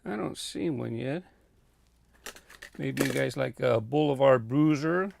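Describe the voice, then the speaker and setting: A man's voice: mid-range voice, measured pace, vocal fry, a little mellow, a little hiss or hum. A man casually walking through his toy car collection, rambling and thinking aloud with lots of fillers. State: out of breath. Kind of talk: casual walk-through vlog. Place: home warehouse room.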